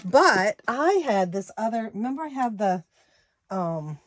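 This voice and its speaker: A woman in her sixties chatting casually to her viewers, counting money out loud as she goes. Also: mid-range voice, very animated, a little slow, no room sound. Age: 60s. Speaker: savings challenge vlogger.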